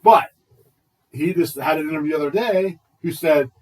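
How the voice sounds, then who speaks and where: A man co-hosting a loose podcast conversation in a husky, slightly high voice. He rambles, swears, then says sorry when he gets worked up. He sounds set back from the microphone. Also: moderate pace, a little mellow, distant mic, poor audio. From United States. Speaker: podcast co-host. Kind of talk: casual chat.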